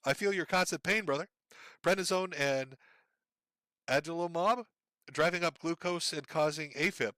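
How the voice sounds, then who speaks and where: A man reading out donation messages on a casual livestream, sardonic and profane, with a deadpan delivery. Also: fairly high pitch, moderate pace, pauses often, clear, resonant tone, no room sound, studio quality.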